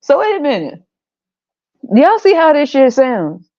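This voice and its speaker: A woman's voice: sits high, sing-song, unhurried, warm tone, no echo, highs cut off. A woman hosting a podcast, ranting bluntly and profanely, exasperated and often laughing. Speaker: podcast host.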